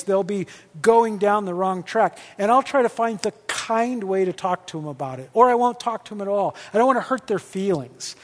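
A male pastor teaching on leadership in a lively, joking way, acting out quoted dialogue. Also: high voice. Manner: animated, jokey, acts out quoted dialogue. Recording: long hall reverb.

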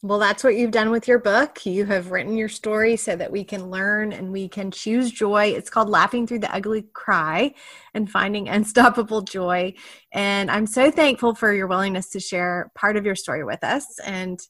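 A woman's voice: medium pitch, normal speed, fairly bright tone. A woman hosting a faith podcast, thanking her guest and signing off in an encouraging tone. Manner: encouraging, friendly sign-off. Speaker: podcast host. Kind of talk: podcast interview and outro.

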